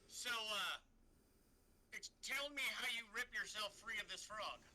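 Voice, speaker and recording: A man running a tabletop game as game master, describing the action in lively, vivid scenes. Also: high-pitched, unhurried, slight background noise, low-quality recording. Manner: lively, vivid scene-painting with acted sound effects.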